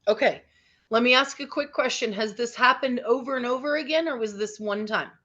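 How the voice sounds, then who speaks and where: A woman's voice: fairly high pitch, brisk, sharp tone. A woman teacher leading an interactive online lesson for teens. She is upbeat and encouraging and often checks in with the group. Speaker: teacher leading a teen workshop. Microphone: video call. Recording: slightly dull online call audio.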